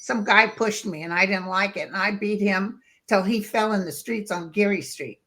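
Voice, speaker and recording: A woman guest telling stories in casual chat, lively and acting out the voices of people she quotes. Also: medium pitch, moderate pace. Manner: lively storyteller who acts out quoted voices.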